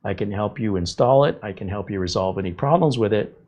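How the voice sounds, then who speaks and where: A man's voice: fairly low pitch, fairly quick, highs cut off. A man hosting a live tech stream, answering viewer chat in a blunt, sarcastic way. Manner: blunt, sarcastic, lively asides. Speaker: tech show host.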